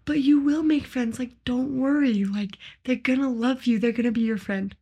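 A woman's voice: fairly high pitch, steady tone, normal speed, mellow, slightly rough. A woman voicing a small girl reassuring her older sister, retold in a story.

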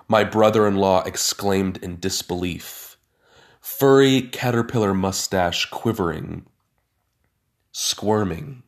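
A man's voice: low voice, slow pace. A man narrating a first-person story with dry, sardonic asides.

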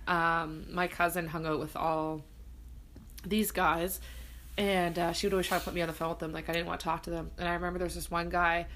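A woman in casual conversation, telling personal stories in an animated way and acting out what people said. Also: fairly low pitch, fairly quick, slight background noise. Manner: animated, acts out quoted lines while storytelling. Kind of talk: casual storytelling.

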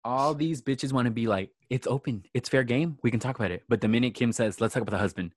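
A man co-hosting a podcast, recapping reality TV in a gossipy, animated way and acting out the cast's lines. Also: mid-range voice, fast, dry recording, studio quality. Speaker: podcast co-host. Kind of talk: casual reality TV recap chat.

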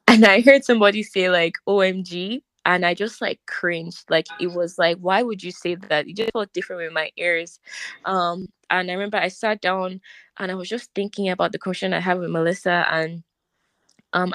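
A woman's voice: fairly low pitch, a bit bright, no echo. A young woman co-hosting a podcast, telling her personal faith testimony in an earnest, emotional way, with "like" in nearly every sentence. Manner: earnest, emotional, says "like" often. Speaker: podcast co-host. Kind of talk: personal testimony, casual chat.

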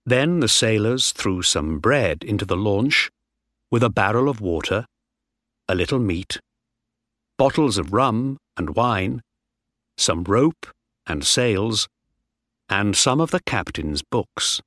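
A man reading a story aloud clearly and slowly, as in a graded-reader audiobook. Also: on the low side, expressive, fairly bright tone, no room sound, clean studio sound.

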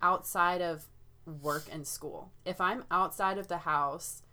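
A woman's voice: on the low side, fairly even intonation, slow, pushed and bright. A young woman talking casually about parenting, rambling with lots of "like" and "you know" as she goes. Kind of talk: casual chat.

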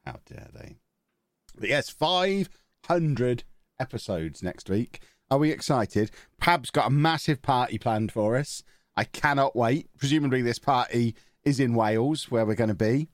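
A man's voice: mid-range voice, unhurried, dry recording, studio quality. A man hosting a podcast, chatting casually with teasing, wry banter. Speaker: podcast host. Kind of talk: casual chat.

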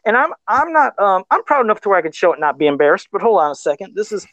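A man's voice: sits high, sing-song, fast, fairly bright tone, no echo, lo-fi sound. A man talking casually on a livestream about his first sculpted custom figure, self-deprecating and laughing often. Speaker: guest toy sculptor.

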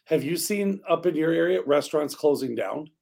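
Middle-aged guy, gravelly husky voice, laid back and teasing. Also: a little high, animated, normal speed, darkish tone. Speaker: podcast co-host. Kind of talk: casual chat.

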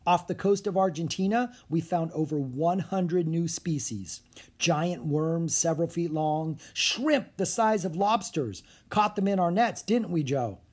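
An audiobook narrator voicing a friendly, excitable male scientist aboard a ship, chatty and a little theatrical. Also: medium pitch, a little slow, natural voice. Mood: eager.

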